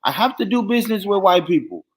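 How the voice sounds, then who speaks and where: A man's voice: high voice, sing-song, quick pace. A man in a casual online discussion, speaking emphatically and repeating his points for stress. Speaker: livestream panel guest. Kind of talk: casual debate chat.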